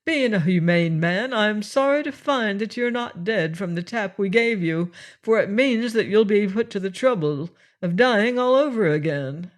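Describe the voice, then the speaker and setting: A man's voice: high-pitched, normal speed, hardly any pauses. A man playing a sardonic, self-assured pirate captain. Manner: dry, mocking, calmly confident.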